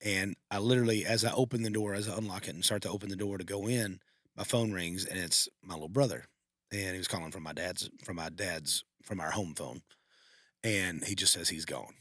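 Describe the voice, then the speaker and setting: A man's voice: low-pitched, brisk, fairly bright tone, dry recording, studio quality. A man co-hosting a podcast, telling a heartfelt personal story in a rambling, emotional way with many restarts. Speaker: podcast co-host. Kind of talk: casual storytelling.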